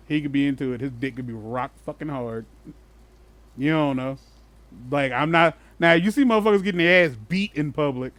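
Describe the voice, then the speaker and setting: Brisk and a little high-voiced, this man swaps stories as a podcast co-host, cursing without restraint and breaking out laughing. The recording has no room sound.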